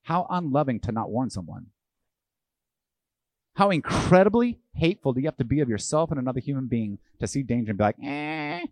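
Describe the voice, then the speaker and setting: A man preaches to his congregation in a lively, animated way. He keeps asking the room questions and acts out what other people would say. His voice sits in a middle pitch and sounds dry and close. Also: brisk, dry recording. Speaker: pastor. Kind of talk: sermon.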